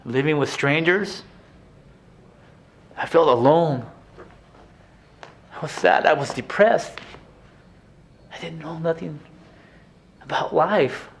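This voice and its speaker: A man performs a haunted former inmate reliving his past in a stage monologue. The voice sits high, drops to hushed confessions and then breaks into raw shouting. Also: takes it slowly, long pauses, slight background noise. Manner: emotional, swings from hushed to shouting. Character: grown man, former abused son, intense and haunted. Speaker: stage actor playing an inmate.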